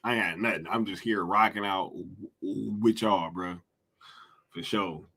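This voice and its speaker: A man's voice: low voice, steady tone, moderate pace, pushed and bright, slightly rough. A man hosting a casual livestream, chatting in slang, reading viewer comments aloud and laughing often. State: hungry after a long day. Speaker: livestream host.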